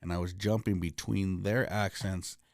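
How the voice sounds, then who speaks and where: A man's voice: low voice, steady tone, moderate pace, a little mellow, no echo. A man, a comedian, talking candidly as a podcast guest in a recording studio, telling blunt, profane stories.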